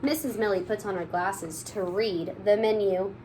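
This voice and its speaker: A woman's voice: mid-range voice, steady tone, normal speed, darkish tone, slight background noise, poor audio. A young woman teacher reading a picture book aloud to kindergarten children in a playful storytelling manner.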